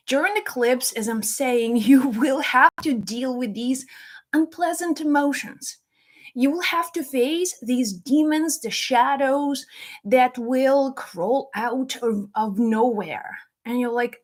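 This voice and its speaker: A woman's voice: on the high side, slow. A woman speaking as a psychic medium and spiritual teacher, talking to camera in an earnest, encouraging way. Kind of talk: casual spoken teaching to camera.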